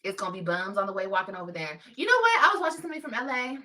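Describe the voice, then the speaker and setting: A woman's voice: medium pitch, very fast, sharp tone, distant mic, rough recording. A woman from Los Angeles chatting casually on a livestream, emphatic and repeating her points. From Los Angeles, California.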